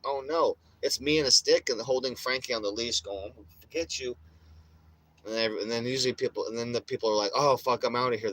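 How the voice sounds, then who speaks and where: A man's voice: medium pitch, a bit bright, slight background noise. A man chatting casually on a livestream in a rambling, profane way, with frequent laughs, while getting over a chest illness. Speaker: vlogger.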